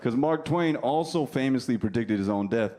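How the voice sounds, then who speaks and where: A man's voice: mid-range voice, lively intonation, normal speed, dark tone. A man in his thirties doing a stand-up set, brash and profane, teasing the crowd. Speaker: stand-up comedian. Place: comedy club stage. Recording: live club recording with faint crowd.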